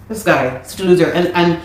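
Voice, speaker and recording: A woman's voice: fairly low pitch, reverberant. Indignant woman telling a story. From Canada. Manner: animated, indignant retelling. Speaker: storyteller recounting a dispute. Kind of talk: personal storytelling.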